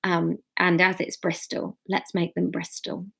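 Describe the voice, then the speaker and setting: A woman's voice: on the low side, completely flat delivery, unhurried, gravelly, fairly bright tone, husky. A woman reading a story chapter aloud, breaking off for giggly, self-mocking asides.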